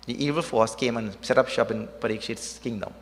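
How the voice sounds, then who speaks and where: A man's voice: medium pitch, a little fast. A man preaching a devotional sermon, telling a story with rhetorical questions and repeated words for emphasis. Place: temple hall. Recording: long hall reverb.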